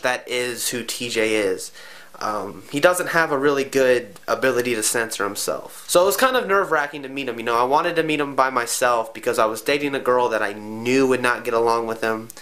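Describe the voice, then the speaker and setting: A man's voice: mid-range voice, bright, forceful tone. A man speaking in a documentary interview, hesitant and self-conscious.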